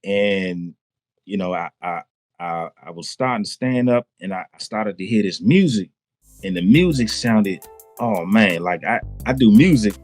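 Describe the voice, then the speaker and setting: A man giving a personal testimony in casual, slangy speech, excited, often repeating himself and laughing. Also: on the low side. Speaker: testimony guest.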